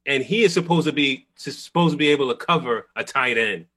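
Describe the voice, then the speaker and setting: A man's voice: medium pitch, brisk, fairly bright tone, breathy edge. A man on a casual sports talk show, blunt and emphatic, punctuating points with "okay". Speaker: podcast co-host.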